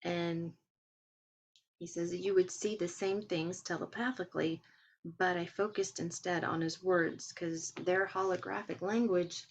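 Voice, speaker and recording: Speaking at a measured pace in a steady, fairly low voice, a woman transcriber recounts a webinar in a relaxed way. She quotes and paraphrases the original speaker and adds asides of her own, with slight background noise behind her.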